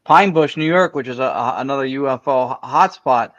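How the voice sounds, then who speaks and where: A man's voice: mid-range voice, fairly quick, fairly bright tone, dry recording, highs cut off. A man co-hosting a casual podcast chat, speaking in a wry, sarcastic way.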